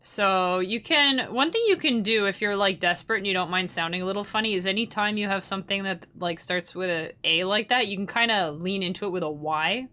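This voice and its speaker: A woman's voice: medium pitch, a little fast, hardly any pauses, bright, forceful tone. A young woman musician chatting casually and rambling on a live stream, often breaking into laughter. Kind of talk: casual livestream chat.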